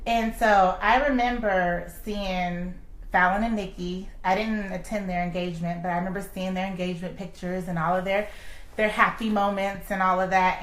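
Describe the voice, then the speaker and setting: A woman's voice: mid-range voice, fairly bright tone, echoey room, poor audio. A woman guest telling her own love story, acting out quoted dialogue with laughs. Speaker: interview guest.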